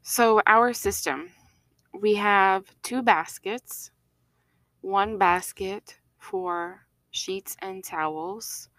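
A woman's voice: medium pitch, extremely slow, fairly bright tone, no room sound. A woman co-hosting a podcast in casual chat, talking with many fillers and frequent laughs. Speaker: podcast co-host.

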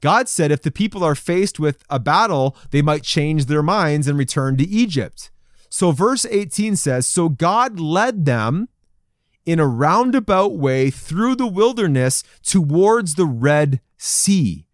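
A man preaching a sermon to a men's group, reading scripture and acting out the people's voices with lively emphasis. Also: fairly high pitch, takes it slowly, no echo, studio quality. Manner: animated, acts out crowd voices in quotes. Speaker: pastor. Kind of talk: sermon to men.

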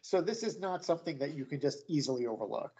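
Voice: medium pitch, animated, fast talker, warm tone, breathy edge. A podcast co-host chatting casually about a comic, hesitant with many fillers. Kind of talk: casual chat reviewing a comic. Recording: slightly muffled lo-fi recording.

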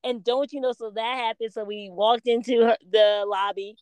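A woman co-hosting a podcast in casual chat, telling stories with lively self-quotes. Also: fairly high pitch, normal speed, smooth, no echo. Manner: animated storytelling, quotes herself and others. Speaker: podcast co-host.

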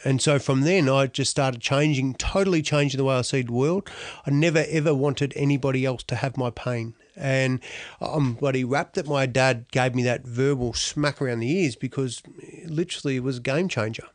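A man's voice: mid-range voice, normal speed, dry recording. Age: middle-aged. Sex: man. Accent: Australian. Role: interview guest. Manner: blunt, slangy storytelling, dry close sound. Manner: blunt, slangy, down-to-earth, frequent "you know". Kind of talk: candid personal storytelling.

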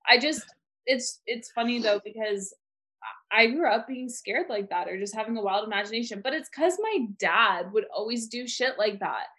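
A woman's voice: on the high side, lively intonation, normal speed, pushed and bright. A young woman co-hosting a podcast, chatting casually and rambling with lots of "like". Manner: rambling, heavy use of "like". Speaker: podcast co-host. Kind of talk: casual chat.

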